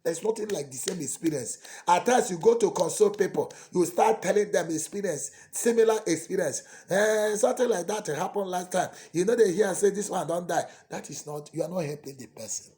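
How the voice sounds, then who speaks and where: A man, a priest preaching a sermon that swings dramatically between soft pleading and loud cries. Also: high voice, fairly quick, hardly any pauses.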